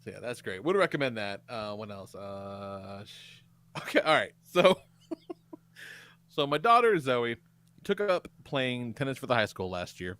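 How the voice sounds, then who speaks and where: A man in his forties, a podcast co-host telling animated, profanity-laced stories in casual chat. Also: mid-range voice, unhurried, clear, resonant tone.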